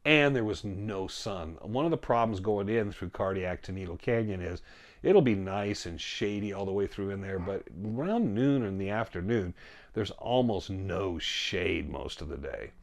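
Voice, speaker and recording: A man casually telling a story about a hike, animated, often quoting himself and his friend and laughing as he goes. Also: deep voice, normal speed, gravelly. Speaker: storyteller guest.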